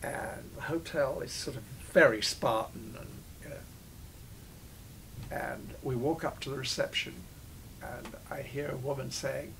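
Older man reminiscing with halting restarts. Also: medium pitch, fairly even intonation, vocal fry, a bit bright, slight background noise. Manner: digressive storyteller, halting restarts. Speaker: actor interviewee. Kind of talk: reminiscing interview.

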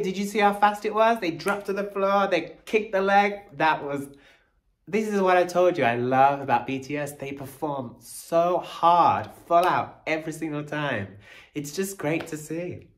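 Slow, gushing dancer reacting. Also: medium pitch. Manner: enthusiastic, breaks into loud exclamations of delight; chatty and admiring, speaks to viewers directly. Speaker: professional dancer reviewing a dance video. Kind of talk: reaction video commentary.

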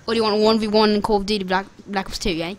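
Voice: medium pitch, level tone, rapid-fire, a little hiss or hum. A young-sounding prank caller in casual, teasing chat, trading playful insults and acting offended. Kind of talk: casual prank call over a video chat app.

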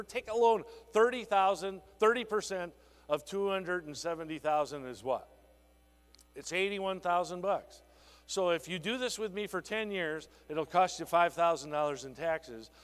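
A man delivers a sales keynote, acting out a client conversation in lively story form. His voice sits a bit high for a man. A long hall reverb trails each line. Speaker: sales trainer. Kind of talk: conference keynote. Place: conference hall.

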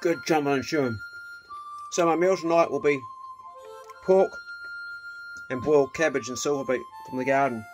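A man's voice: medium pitch, moderate pace, long pauses, faint music behind. A man, talking in a casual vlog on a rural farm, coaxing and commanding his dogs and ducks. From New Zealand. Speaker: vlogger.

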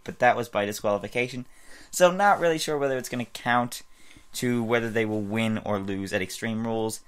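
A man talks to camera in a casual predictions vlog at an ordinary middle pitch. He rambles from point to point, trailing off and restarting with plenty of fillers along the way. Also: fairly bright tone. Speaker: wrestling fan vlogger.

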